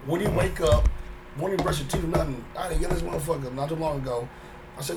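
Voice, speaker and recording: A man's voice: on the high side, fast talker, noisy background. A man in casual chat who tells stories animatedly, acting out quotes in slangy, profane talk. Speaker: podcast co-host and parent.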